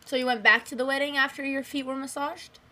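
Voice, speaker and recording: A young woman streaming chess, chatting casually and teasing with quick interjections. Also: high voice, fairly even intonation, bright, forceful tone. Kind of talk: casual chat while playing chess.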